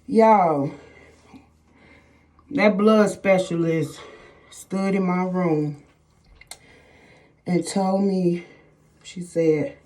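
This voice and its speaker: A woman's voice: on the low side, drawn-out words, pauses often, darkish tone. A middle-aged woman vlogger telling viewers a personal story in casual chat, emphatic and repetitive, often calling them "y'all".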